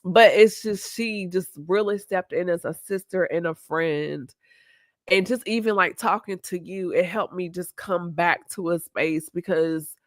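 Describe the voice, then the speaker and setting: A woman's voice: on the low side, measured pace, no echo. Woman host, candid live-stream chat, reflective and open, dry close sound. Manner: open, reflective, laughs easily.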